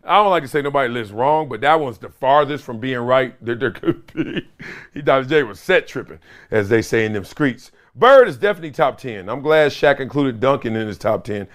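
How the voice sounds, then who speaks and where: Animated man hosting sports talk. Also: mid-range voice, brisk. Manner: animated, loud outbursts, laughs often. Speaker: podcast host, former NFL player.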